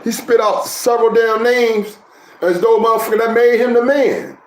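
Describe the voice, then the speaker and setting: A man's voice: very high voice, normal speed, echoey room, rough recording. A man giving scornful, profane reaction commentary.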